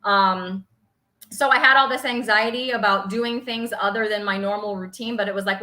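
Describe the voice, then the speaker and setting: A woman in her forties co-hosting a casual livestream chat, chatty and quick to laugh. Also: mid-range voice, fairly even intonation, pushed and bright, poor audio. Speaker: livestream co-host.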